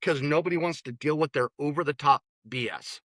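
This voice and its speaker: A man's voice: on the high side, a little fast, a bit bright, no echo. A man, a therapist and interview guest, talking bluntly and opinionatedly, often restarting his words. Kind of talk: casual interview talk.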